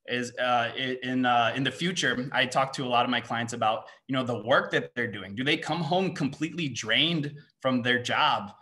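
A young man, a seminar speaker and mindset coach, gives students a motivational talk, firing off rapid rhetorical questions and ending his points with "right?". His voice is medium-pitched, bright, and forceful.

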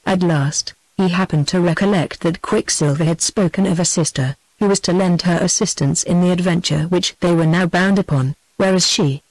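Woman, British accent, text-to-speech audiobook narration, even synthetic cadence, dry close sound. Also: lowish voice, moderate pace, few pauses, dry recording, low-quality recording. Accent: British English.

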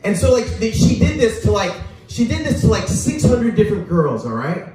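Rambling high-voiced man doing stand-up. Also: very animated, darkish tone, faint music behind. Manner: rambling, crude, halting with many restarts. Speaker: open mic comedian. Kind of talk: stand-up set. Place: small bar stage. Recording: echoey room heard from far off.

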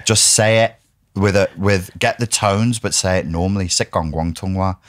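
A middle-aged man hosting a podcast in casual conversation, lively and playful, slipping into imitated foreign phrases. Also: sits low, moderate pace, dry recording, studio quality. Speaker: podcast host.

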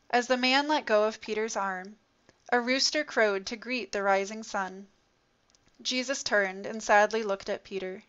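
A woman's voice: mid-range voice, unhurried. Woman narrating a dramatic story. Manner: expressive, dramatic reading. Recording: dull lo-fi recording.

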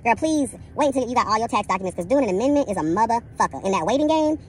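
A woman vlogger rants at a rapid clip, her high voice swinging wildly up and down. She is sassy, profane and dramatic, and she keeps calling the listener "girl". Faint vehicle noise sits in the background. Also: animated. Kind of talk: casual storytelling rant.

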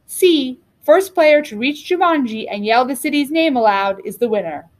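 Bossy young sister for a storybook read-aloud, higher voice, read by a woman. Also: lively intonation, normal speed. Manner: eager, bossy. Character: bossy determined girl, older sister.

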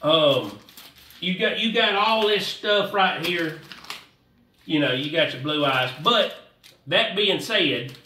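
A man's voice: a little high, lively intonation, takes it slowly, long pauses, bright, forceful tone, reverberant, distant mic, a little hiss or hum. A man giving a casual, rambling fishing how-to, repeating himself in a folksy way. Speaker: fishing vlogger.

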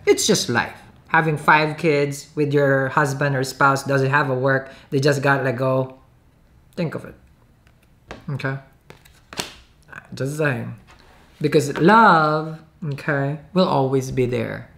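A woman giving a casual tarot reading to camera, chatty, often checking in with "okay?" and laughing. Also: low voice. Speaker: tarot reader.

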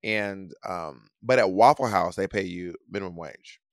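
A man's voice: sits low, moderate pace, creaky, dry recording, studio quality. A man co-hosting a podcast in casual chat, teasing and playfully argumentative. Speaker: podcast co-host.

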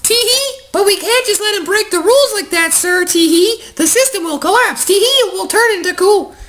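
A man doing a squeaky giggling schoolgirl. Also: expressive, moderate pace, sharp tone, full character voice. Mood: giggly. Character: giggly high-voiced schoolgirl, sweet and bubbly. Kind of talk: game dialogue read aloud.

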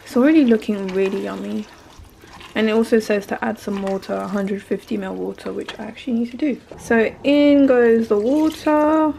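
A woman's voice: medium pitch, steady tone, fairly quick, vocal fry, mellow. A young woman chatting casually while she cooks at home, bubbly and rambling, filmed on a handheld phone. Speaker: cooking vlogger. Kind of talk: casual cooking vlog chat. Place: home kitchen. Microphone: handheld phone camera. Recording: noisy home kitchen recording.

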